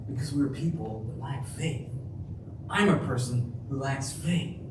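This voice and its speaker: A male pastor preaching a sermon in a church, slow and emphatic, dropping to a hush for key phrases. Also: medium pitch, noisy background. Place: church sanctuary. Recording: echoey room, heard from a distance.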